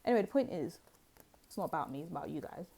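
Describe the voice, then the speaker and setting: A woman's voice: low-pitched, lively intonation, rapid-fire, gravelly, warm tone, breathy edge. A woman giving a casual pick-a-card tarot reading, chatty and rambling, with many fillers and asides.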